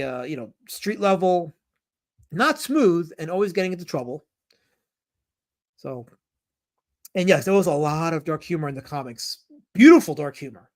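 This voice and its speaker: A man live-streaming, reading chat comments aloud and talking about comics in an animated, jokey way. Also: sits high.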